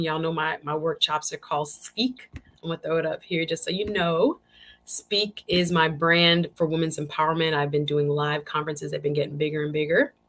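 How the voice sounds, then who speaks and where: Woman, live-stream host, lowish voice, animated casual chat, repeats herself. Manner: animated, chatty, repeats phrases. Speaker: show host.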